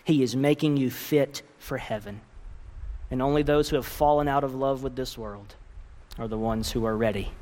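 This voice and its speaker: A man's voice: mid-range voice, normal speed, darkish tone. A man preaching a sermon earnestly, with emphatic rises in his voice. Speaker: pastor. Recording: long reverb of a large hall.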